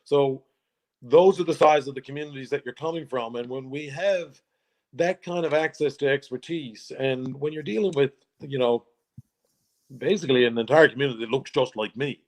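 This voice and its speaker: A man's voice: mid-range voice, moderate pace, darkish tone. Jokey man telling stories. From Newfoundland, Canada. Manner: jokey storyteller, laughs often, restarts phrases. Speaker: guest. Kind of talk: casual interview chat.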